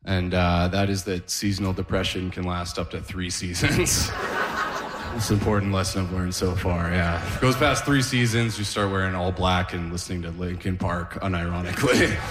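A man's voice: low voice, fairly even intonation, moderate pace. A male stand-up comedian doing a set with dry, self-deprecating delivery, recorded live. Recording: live venue with long reverb.

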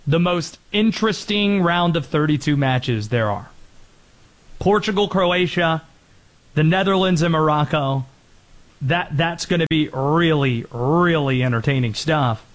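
A man hosting a sports show, talking through college football and the World Cup with energetic commentary. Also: on the high side, slow.

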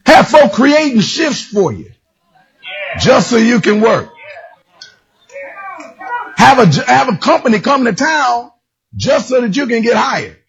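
A man preaching a sermon with a raspy voice, often shouting and sliding into a singsong lilt. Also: extremely high pitch, a little slow, long pauses. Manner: animated, shouting, singsong emphasis. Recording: dull lo-fi recording.

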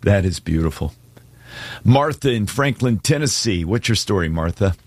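Deep-voiced male radio host, affirming and unhurried, dry studio sound. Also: animated, no room sound. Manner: warm-hearted, affirming, unhurried. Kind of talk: Christian call-in radio hosting. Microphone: studio microphone.

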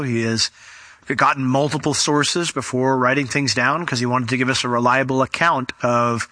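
A middle-aged man preaching an expository sermon, animated and acting out the shouts he quotes. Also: mid-range voice, dry recording. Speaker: pastor.

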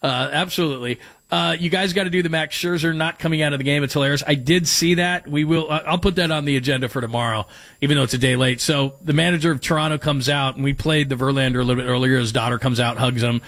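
A man hosting a daily sports talk show, rambling and joking as he reads listener texts, with a light, fairly high voice. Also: fairly even intonation, quick pace, fairly bright tone, no echo. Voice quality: light, higher voice. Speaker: sports radio host.

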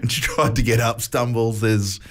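A man's voice: medium pitch, fairly even intonation, moderate pace, slight background noise. A man hosting a radio show, chatting casually, joking and laughing often.

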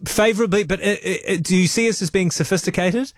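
A man's voice: high-pitched, brisk, no echo, clean studio sound. New Zealand morning-show host, a man. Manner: friendly, chatty, restarts questions. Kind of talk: broadcast interview.

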